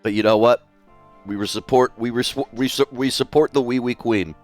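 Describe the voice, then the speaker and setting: A man's voice: medium pitch, steady tone, normal speed, soft background music. A man live-streaming while he draws, chatting casually, swearing freely and reading out viewers' messages. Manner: chatty, swears freely, reads chat aloud.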